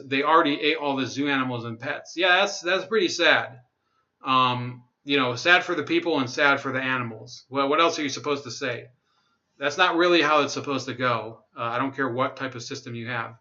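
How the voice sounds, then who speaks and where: A man's voice: mid-range voice, pushed and bright, lo-fi sound. Sarcastic man reading news on a livestream. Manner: sarcastic, laughs at own jokes, reads chat comments. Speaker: livestream host.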